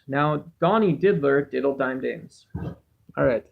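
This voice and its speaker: A man's voice: a little high, a little slow, gravelly, narrow, tinny audio. A man hosting a casual livestream, reading chat aloud and rambling through musings in a self-deprecating way on a cheap home microphone. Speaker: livestream host.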